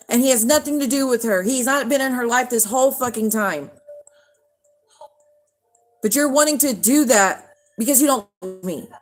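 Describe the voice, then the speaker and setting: A woman hosts a casual livestream. She rants in a heated way, swears often and calls out viewers by name. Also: fairly high pitch. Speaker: livestream host.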